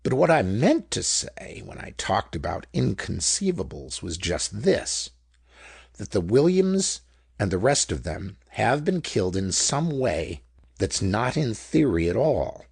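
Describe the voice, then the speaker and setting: A man doing a calm, insistent gentleman. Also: lowish voice, measured pace, creaky, husky, no room sound, clean studio sound, full character voice. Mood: earnest. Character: calm, earnest gentleman theorist.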